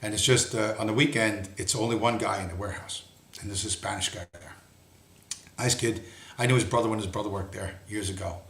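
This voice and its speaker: A man's voice: fairly low pitch, fairly even intonation, brisk, gravelly, fairly bright tone. A man hosting a livestream, giving an angry, profane monologue and swearing bluntly throughout. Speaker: livestream host. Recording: roomy echo.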